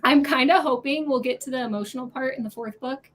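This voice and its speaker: A woman hosting a casual online book club chat, gushing and animated about a series. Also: high voice, fast, a little hiss or hum. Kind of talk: casual group video chat.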